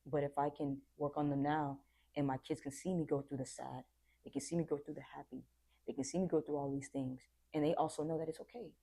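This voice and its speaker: A woman's voice: sits low, fairly even intonation, fast, gravelly, dark tone, slightly rough. A young adult woman talking earnestly and reflectively in a casual podcast conversation, sometimes acting out what people said. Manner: reflective, earnest, acts out quoted voices.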